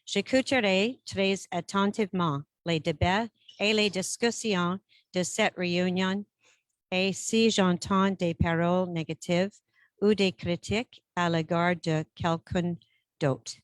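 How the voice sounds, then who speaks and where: A woman chairing a regional council meeting in a brisk, procedural way, switching between English and French. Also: lowish voice, fairly even intonation, no echo. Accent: Canadian French-English bilingual.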